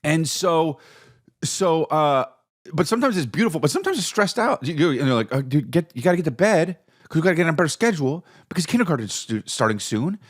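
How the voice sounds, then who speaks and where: A man in his forties rambles through a comedic solo podcast monologue, swearing freely and hopping from one tangent to the next. His pitch swings widely and expressively as he talks. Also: sing-song, quick pace. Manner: rambling, profane, jumps between topics. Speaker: podcast host.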